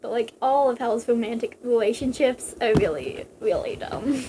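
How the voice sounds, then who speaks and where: A woman's voice: fairly high pitch, moderate pace, dark tone, slight background noise. A woman reading a novelization aloud, breaking off for giggly, chatty asides. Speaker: reader.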